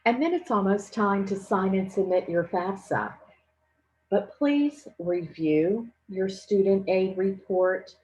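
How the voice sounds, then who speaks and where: A woman giving a financial aid presentation, explaining each step clearly and patiently. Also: mid-range voice, expressive, takes it slowly, a little mellow, rough recording. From Louisiana. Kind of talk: instructional presentation.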